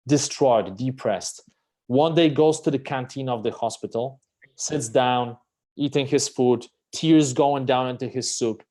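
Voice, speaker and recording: A man telling stories as a guest on a live stream, animated and emphatic, swearing freely as he talks. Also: medium pitch. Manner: animated, emphatic storyteller who swears casually. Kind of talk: live-stream conversation, storytelling.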